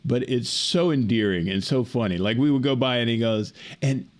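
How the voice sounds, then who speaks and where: A man co-hosting a podcast, telling a story in a casual, animated, laughing way over a remote call. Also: medium pitch, moderate pace. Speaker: podcast co-host.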